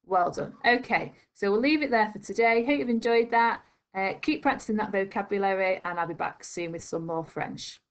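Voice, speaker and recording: A woman teaching a recorded primary school video lesson, explaining slowly and carefully and spelling out each phrase. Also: medium pitch.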